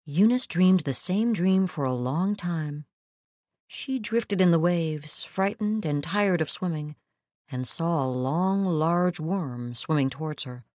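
A woman reading a story aloud in a measured, steady narrating voice, close to the mic. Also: sits low, no room sound. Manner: measured, steady storytelling with quoted lines acted. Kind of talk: scripted audiobook narration.

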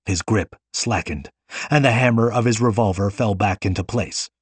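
A man narrating an audiobook in a steady, measured reading. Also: lowish voice, breathy edge, no echo.

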